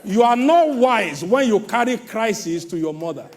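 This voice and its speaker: A middle-aged man preaches a sermon in a high, lively voice that leaps all over its range. He breaks into sudden shouts, then drops low, and mockingly imitates the proud people he warns against. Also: moderate pace. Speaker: pastor.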